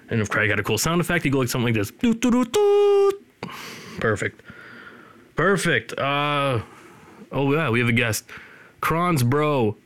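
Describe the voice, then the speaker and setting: A man's voice: medium pitch, a bit bright, smooth, no room sound. A man hosting a podcast from his studio, rambling loosely and teasing his co-host in casual chat.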